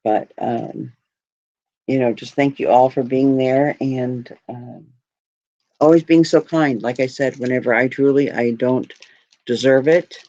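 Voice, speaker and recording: A woman's voice: a bass voice, steady tone, a little slow, mellow, dry recording. Woman on a live stream getting teary, rambly and grateful, dry muffled sound. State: tearing up. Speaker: jewelry live stream host. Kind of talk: casual live stream chat.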